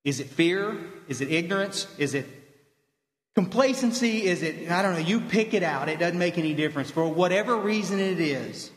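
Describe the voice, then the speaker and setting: High-voiced man speaking in an echoey hall. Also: normal speed. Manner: animated storytelling, blunt, direct address. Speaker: speaker at a recovery fellowship meeting. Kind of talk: motivational talk to an audience.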